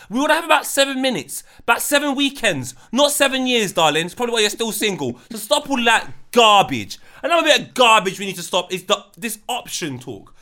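Brash, mocking man, high and lively. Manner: brash, mocking, swearing rants. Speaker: podcast co-host. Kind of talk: casual podcast chat.

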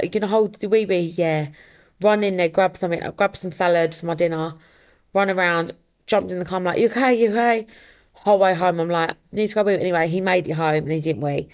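A woman's voice: fairly low pitch, a little mellow. A woman hosting a casual solo podcast, telling a story in a chatty way and acting out the voices she quotes. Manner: swears casually. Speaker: podcast host.

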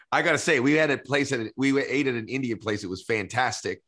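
Laid back guy hosting a podcast, mid pitch, jokey. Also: normal speed, fairly bright tone. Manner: easygoing, jokey interviewer. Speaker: podcast host. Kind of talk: casual conversation.

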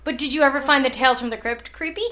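A woman co-hosting a podcast, telling stories in an animated, joking way. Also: high-pitched, very fast. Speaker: podcast co-host. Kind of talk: casual chat.

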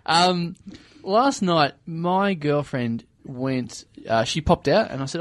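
A man hosting a podcast, telling stories in a casual, animated way and laughing often. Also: on the high side, slow, no room sound, studio quality. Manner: animated storyteller, laughs often, acts out voices. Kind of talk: casual chat.

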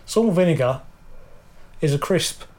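Dry-witted middle-aged man, slightly high. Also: expressive, normal speed, darkish tone. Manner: dry, teasing quips. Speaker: podcast co-host. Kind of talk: casual chat.

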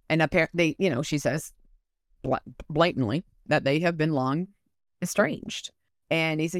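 A woman's voice: deep voice, expressive, moderate pace, no room sound, clean studio sound. A woman co-hosting a podcast, chatting casually and animatedly about a book and reading passages aloud. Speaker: podcast co-host.

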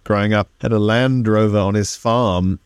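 A man's voice: fairly low pitch, steady tone, moderate pace, clean tone, dry recording, studio quality. A man in his thirties, a comedian from South Africa, chatting casually in an interview with wry, self-correcting humour and frequent swearing. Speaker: comedian guest.

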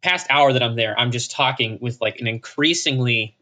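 A man from Texas, a podcast guest telling stories with animated, self-mocking humor. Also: medium pitch, normal speed. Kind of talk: casual chat.

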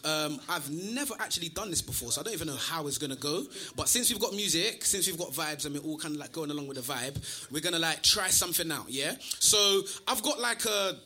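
A man's voice: fairly high pitch, expressive, fairly quick, hardly any pauses, sharp tone. A man, a spoken word performer chatting in a rambling, filler-heavy way to a live crowd at a venue with a band. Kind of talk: live stage patter with a crowd.

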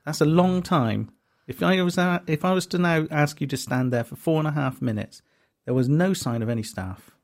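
A man's voice: a little high, moderate pace, few pauses. A man co-hosting a podcast, telling rambling, wry stories. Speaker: podcast co-host. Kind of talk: casual chat.

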